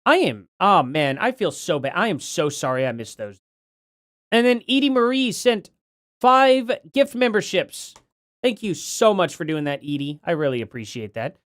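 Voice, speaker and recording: A man's voice: high voice, sing-song, normal speed, a bit bright, dry recording, clean studio sound. A man hosting a casual livestream, chatting and reading out donations, his words a little slurred from a bitten tongue. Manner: chatty, reads donations aloud, apologetic. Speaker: livestream host.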